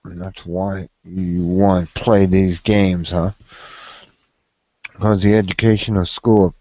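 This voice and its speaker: A man complaining on a casual vlog in a slow, rambling and profane way. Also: deep voice, darkish tone, no room sound, lo-fi sound. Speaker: video blogger.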